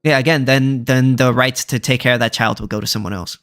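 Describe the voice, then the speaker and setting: A man in the middle of a heated online debate, blunt and argumentative. He keeps pressing the same questions again and again. His voice sits at an ordinary middle pitch. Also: fairly even intonation, fairly quick, fairly bright tone. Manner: argumentative, blunt, repeats challenges. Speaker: debater, channel host.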